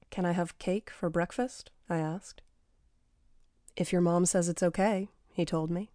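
Dry-voiced woman reading memoir, low and mellow. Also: measured pace, no echo. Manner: dry, understated delivery with deadpan asides. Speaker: author reading her memoir. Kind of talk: first-person memoir reading.

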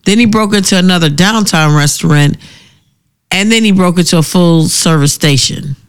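A man's voice: high-pitched, moderate pace, smooth. A man co-hosting a casual chat, reading out strange news stories between laughs. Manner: laughs often, reads stories aloud with banter. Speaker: podcast co-host.

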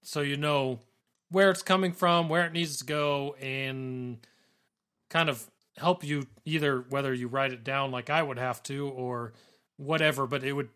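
A man's voice: mid-range voice, fairly even intonation, measured pace, fairly bright tone, clean tone. A man co-hosting a gaming podcast, speaking in long, chatty run-on sentences. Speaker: podcast co-host. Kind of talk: casual gaming podcast chat.

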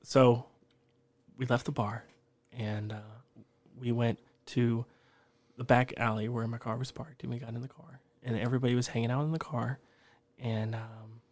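A man's voice: mid-range voice, little pitch movement, normal speed, pauses often, a little mellow. A young man, a podcast guest telling a rambling, profane story and laughing along the way.

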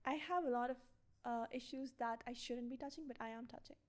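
Young woman guest, high voice, hesitant soft-spoken delivery, easy laughter. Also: a little fast. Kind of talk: casual chat.

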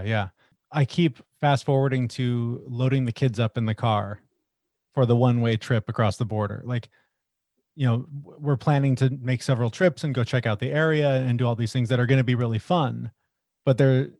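A middle-aged man co-hosting a podcast, talking in an earnest, reflective way as he thinks out loud in casual conversation. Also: medium pitch, dry recording, clean studio sound. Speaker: podcast co-host.

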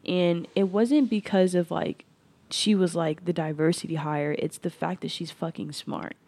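Dry, low-voiced woman musing aloud. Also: fairly even intonation, unhurried, mellow, dry recording. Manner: earnest, frequent restarts and "like" fillers. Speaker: podcast host. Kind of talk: reflective personal monologue.

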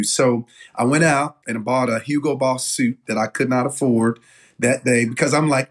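A middle-aged man tells stories as an interview guest. He is animated and loose, with lots of fillers. His pitch sits in an ordinary middle range. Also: moderate pace. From Southern United States. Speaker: guest, denim company owner. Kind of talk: casual interview storytelling.

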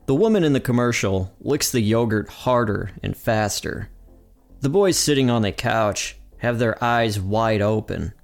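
A man's voice: fairly low pitch, a little slow, gravelly, faint music behind. Upbeat male podcast host recapping. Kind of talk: episode recap narration.

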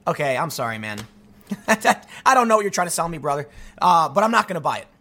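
Man hosting his own commentary channel, slightly higher voice, restless rant, stumbles and restarts sentences. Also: big pitch swings, fairly quick, bright, forceful tone. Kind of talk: ranting solo commentary.

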